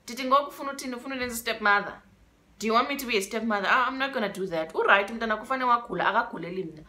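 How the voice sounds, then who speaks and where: A woman's voice: fairly high pitch, very fast, bright, forceful tone. A young woman with a South African accent telling a story-time vlog, emotional and dramatic, repeating words for emphasis. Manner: emotional and dramatic, switching between English and isiXhosa. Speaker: vlogger.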